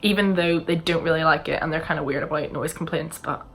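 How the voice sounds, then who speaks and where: A woman's voice: sits low, fairly even intonation, fast talker, a bit bright. A young woman with a Northern Irish accent, chatting casually to camera in a rambling, self-deprecating way while she answers viewers' questions. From Northern Ireland. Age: young adult. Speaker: vlogger. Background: faint music from another room.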